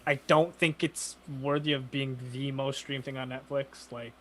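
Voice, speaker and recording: A young man co-hosting a podcast, chatting casually, bluntly swearing and telling animated stories. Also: medium pitch, moderate pace, slight background noise. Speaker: podcast co-host. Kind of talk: casual chat.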